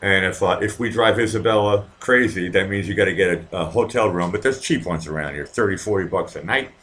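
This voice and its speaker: A man's voice: low voice, brisk, fairly bright tone. Rambling, profane man with a Boston accent. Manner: rambling, profane, chatty with viewers. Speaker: live stream host. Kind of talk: casual live stream chat. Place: home in Vienna.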